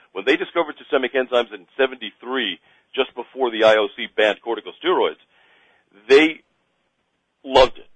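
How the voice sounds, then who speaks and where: A man answering interview questions as a doctor, explaining confidently with frequent halting repeats and fillers. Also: mid-range voice, no echo, low-quality recording. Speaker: guest expert, doctor.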